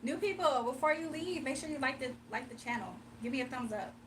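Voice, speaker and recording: Young woman, livestream host, high voice, teasing and giggly, slightly off-mic. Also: lively intonation, brisk, a bit bright, distant mic, a little hiss or hum. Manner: playful, teasing, laughs often, mimics commenters in a deep voice. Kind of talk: casual livestream chat, reading comments.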